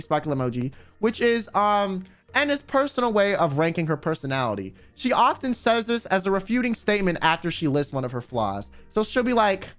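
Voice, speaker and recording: A man's voice: high voice, fairly bright tone. A young man streamer giving casual, profane commentary, wandering into rambling asides.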